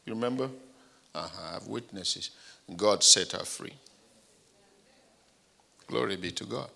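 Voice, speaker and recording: A pastor preaching a sermon, telling stories with animated shifts of voice and acting out the people he quotes. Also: fairly low pitch, measured pace, vocal fry.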